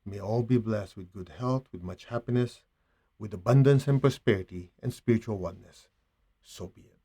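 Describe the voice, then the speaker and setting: A man with a Chinese accent guiding a meditation in a hushed, slow, calm voice with long pauses. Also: fairly low pitch, slightly rough. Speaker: meditation teacher. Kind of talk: guided meditation.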